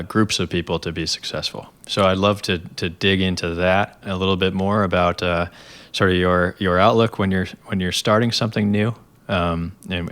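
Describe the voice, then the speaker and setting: Male interviewer, deep monotone, encouraging, rambling questions. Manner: encouraging, frequent affirmations, rambling question setups. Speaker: podcast host, interviewer. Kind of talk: casual interview conversation.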